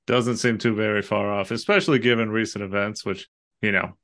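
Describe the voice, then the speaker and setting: A man's voice: lowish voice, steady tone, brisk, a bit bright. A young man co-hosting a podcast, rambling thoughtfully with lots of filler phrases. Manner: rambling, many "you know" fillers. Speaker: podcast co-host. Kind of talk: casual chat.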